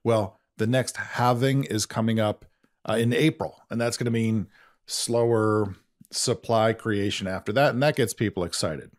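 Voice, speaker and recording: A man's voice: lowish voice, moderate pace. A man hosting a podcast, explaining things in a chatty, self-deprecating way. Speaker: podcast host. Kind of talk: conversational podcast banter.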